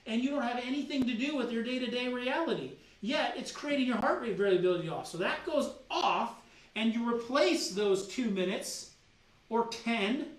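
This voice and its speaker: Animated preachy man in a roomy space. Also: extremely high pitch. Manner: animated and preachy, with teasing rhetorical questions to the audience. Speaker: doctor giving a health training. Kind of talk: energetic seminar-style health talk. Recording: roomy sound with the mic at a distance.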